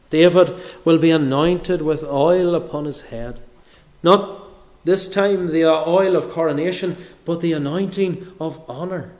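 A man delivering a sermon at an unhurried, deliberate pace. His voice sits a little higher than most men's, and he leans on pauses for weight. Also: a little mellow. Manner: slow, measured delivery with dramatic pauses. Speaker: preacher.

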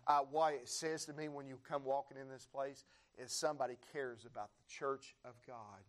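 An American man preaching a sermon in a church, building his repeated phrases up into fervent shouts while the congregation answers with amens. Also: mid-range voice, steady tone, moderate pace. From United States. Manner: rising to fervent shouts, repetitive rhythmic phrasing.

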